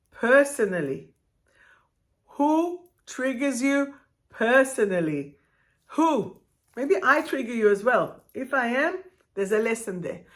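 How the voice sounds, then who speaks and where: Speaking live to her viewers, a woman spiritual life coach with a medium-pitched voice is expressive and direct. She draws out her words and asks them questions.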